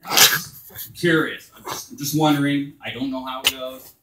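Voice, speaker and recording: A man doing crude open-mic stand-up at a bar, telling stories loosely and shouting his punchlines. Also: medium pitch, steady tone, normal speed, echoey room, very noisy. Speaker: stand-up comedian. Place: small bar stage.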